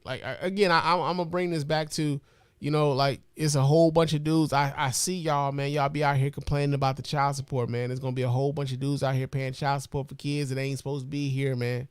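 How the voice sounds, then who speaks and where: A man's voice: mid-range voice, clean tone, dry recording, clean studio sound. Blunt, profane man hosting a talk show. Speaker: podcast host. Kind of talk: casual political talk.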